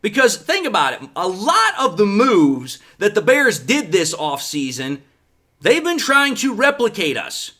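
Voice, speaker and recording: A man hosting a sports commentary show, talking in a sarcastic, animated way with lots of rhetorical questions. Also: high voice, measured pace. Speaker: sports podcast host.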